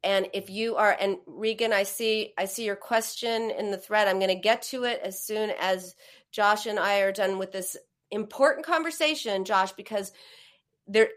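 A woman's voice: medium pitch, normal speed. Reassuring woman host giving advice. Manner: warm, reassuring, acts out comforting quotes. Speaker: host and therapist. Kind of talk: live-streamed advice conversation.

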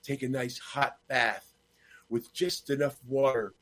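Guy doing a coy vain older lady voice, kinda soft. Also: medium pitch, fairly even intonation, slow pace.

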